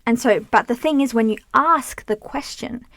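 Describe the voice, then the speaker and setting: Animated young woman, dry close sound. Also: on the high side, moderate pace, no room sound. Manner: animated, swearing, acts out inner voices. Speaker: healing coach. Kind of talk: casual self-help talk to camera. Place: in a closet among clothes.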